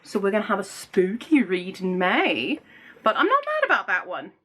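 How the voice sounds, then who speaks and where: A woman booktuber chatting casually in a vlog, bubbly and quick to exclaim. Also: mid-range voice, wildly swooping pitch, fairly bright tone.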